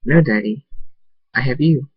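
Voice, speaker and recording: A man voicing a gentle, affectionate young male alien creature who is the narrator's son. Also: medium pitch, measured pace, breathy edge, dry recording, dull audio, pitched above the performer's own voice.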